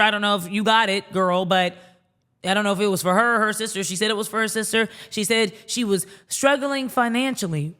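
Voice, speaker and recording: Young woman venting in a callout vid, bright sharp voice, fast and fired up. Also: a little high. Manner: indignant, rapid storytelling, acts out quoted dialogue. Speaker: podcaster. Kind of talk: callout monologue to camera.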